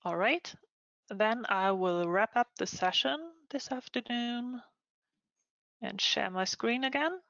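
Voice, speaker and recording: A woman's voice: a little high, takes it slowly, gravelly, fairly bright tone, no room sound. Woman, webinar moderator, hesitant, dry close sound, muffled. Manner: hesitant, many ums. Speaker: session moderator. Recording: dull lo-fi online call.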